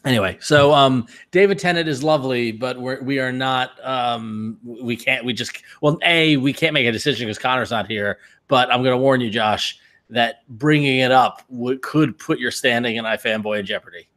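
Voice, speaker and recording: Deadpan teasing man in casual chat. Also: medium pitch, moderate pace. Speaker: podcast co-host.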